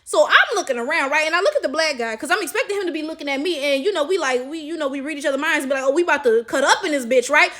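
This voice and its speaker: A woman's voice: sits high, animated, rapid-fire, few pauses, sharp tone. A woman vlogger and chess coach telling a story to her viewers in a casual, emphatic way, swearing freely and often checking in with "right?".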